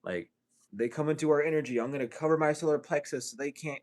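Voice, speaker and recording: A man talking straight to camera in a casual, profane spiritual vlog, animated and laughing between thoughts. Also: a little high, fast. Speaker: tarot reader and healer.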